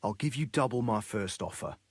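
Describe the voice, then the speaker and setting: A man's voice: fairly low pitch, fairly quick, husky, no echo. An actor playing a scheming male horse dealer in a video game, with a wheedling, conspiratorial way of selling his deals. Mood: sly. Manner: wheedling, conspiratorial sales talk.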